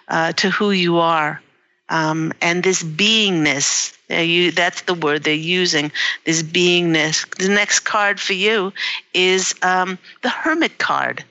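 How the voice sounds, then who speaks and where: A woman giving a live-streamed spiritual card reading, halting and emotional, with many fillers. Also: lowish voice, sharp tone, highs cut off. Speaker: psychic reader. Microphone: livestream device mic.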